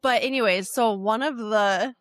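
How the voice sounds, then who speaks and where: A woman's voice: a little high, moderate pace, no echo, studio quality. A woman co-hosting a podcast in a casual chat, talking in a rambling way with many fillers. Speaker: podcast co-host.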